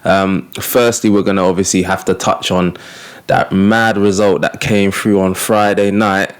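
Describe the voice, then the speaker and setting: A man's voice: deep voice, flat delivery, measured pace, clean tone. Slangy man hosting a podcast. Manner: laughs a lot, slangy and upbeat. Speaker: podcast host. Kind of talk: casual football podcast chat.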